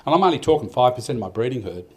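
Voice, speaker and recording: A man's voice: medium pitch, very animated, racing, mellow. An older Australian man giving a rambling, heartfelt speech at a farmers' awards night, with many restarts. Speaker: event organiser giving a speech. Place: event hall.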